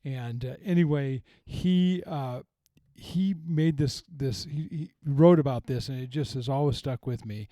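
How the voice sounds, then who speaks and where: Mellow-voiced pastor, earnest and reflective. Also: male voice, mid-range voice, unhurried, dry recording. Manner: earnest, reflective, with frequent restarts and retold quotes. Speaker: pastor, podcast host. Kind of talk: conversational teaching on faith.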